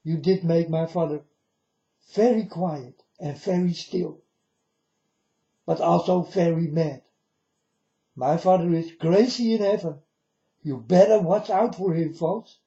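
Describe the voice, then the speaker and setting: Long pauses mark this man's slow delivery, his voice fairly high and mellow. Speaking solemnly to the camera as a video blogger, he warns his viewers and keeps calling them "folks," captured on a dull, lo-fi recording.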